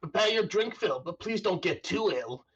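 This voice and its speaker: A man voicing a merry, loud male tavern bartender in a tabletop game, hearty and booming, on dull lo-fi audio. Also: lively intonation, normal speed, slightly rough, heavily acted.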